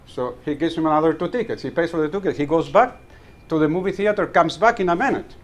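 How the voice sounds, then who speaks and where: A man with a fairly high voice tells funny stories at a club meeting. He acts out the lines of the people in his anecdotes and laughs at his own punchlines. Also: fast. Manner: storyteller acting out dialogue, chuckling at his own jokes. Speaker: club member giving a talk. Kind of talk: humorous club speech telling anecdotes. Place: meeting room.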